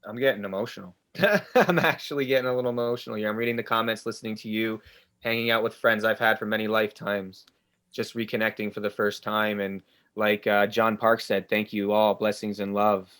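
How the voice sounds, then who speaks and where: A man's voice: on the low side, fairly even intonation, a little fast, a bit bright. A man hosting a spiritual group ceremony over a video call. He speaks earnestly and reflectively and reads participants' comments aloud. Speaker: ceremony host.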